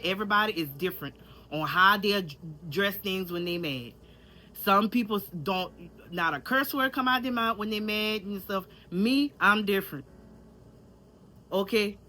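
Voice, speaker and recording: A woman with a country Louisiana accent vlogs to camera in a casual, candid way, addressing her viewers directly and repeating herself. Her voice sits at medium pitch with a bright, forceful tone.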